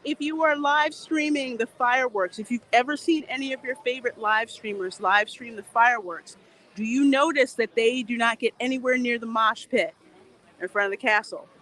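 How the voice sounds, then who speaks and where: A woman's voice: fairly high pitch, moderate pace, fairly bright tone. A woman hosting a casual livestream outdoors while walking, chatty, laughing often and reading viewer comments aloud. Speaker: livestream host. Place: outdoors in a theme park. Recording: faint outdoor noise behind.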